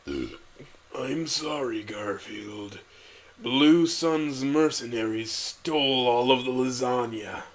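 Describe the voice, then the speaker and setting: A man voicing a worried male galactic councilman who speaks slowly. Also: fairly high pitch, vocal fry, bright, forceful tone, voice pushed up, full character voice.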